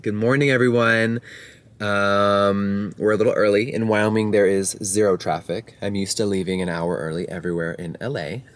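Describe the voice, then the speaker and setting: A man talking casually to camera in a vlog, expressive and swearing freely, slipping into high baby talk with his dogs. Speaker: vlogger. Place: home ranch and vet clinic.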